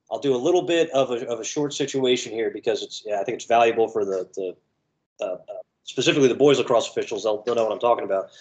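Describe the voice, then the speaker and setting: Male ref, mid-pitched, storyteller who acts out quoted voices. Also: low-quality recording. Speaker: lacrosse referee. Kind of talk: conversational storytelling.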